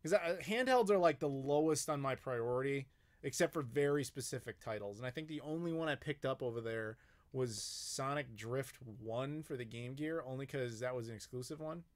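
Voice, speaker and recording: A man's voice: mid-range voice, moderate pace. An American man hosting a casual live-stream Q&A, rambling with frequent fillers and profanity. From United States. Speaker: YouTube host answering live chat questions.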